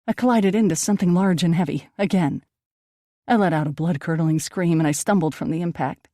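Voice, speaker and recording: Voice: medium pitch, a little fast, mellow, no room sound, clean studio sound. An audiobook narrator reading a first-person ghost story, turning dramatic at tense moments.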